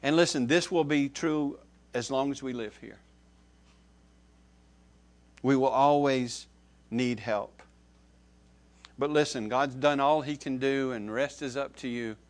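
A man preaching a sermon, who stresses key words loudly, then drops to soft, low asides and repeats phrases to his listeners. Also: a little slow, pauses often. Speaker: pastor.

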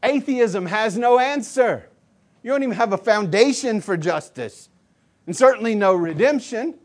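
A male pastor preaching a sermon, swinging between loud emphatic declarations and low quiet asides. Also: lively intonation, moderate pace.

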